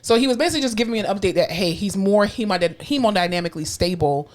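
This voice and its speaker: A woman's voice: medium pitch, expressive, rapid-fire, darkish tone. A woman co-hosting a podcast, telling a work story in casual chat, easygoing, swearing now and then and acting out the voices she quotes. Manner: laid-back, swears, acts out quoted voices. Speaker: podcast co-host.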